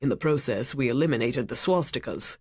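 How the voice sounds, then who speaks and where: A woman voicing a commanding, wealthy male ship owner who speaks in a measured, authoritative and evasive way. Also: extremely low pitch, animated, slightly rough, no echo, studio quality, pitched below the performer's own voice, exaggerated voice.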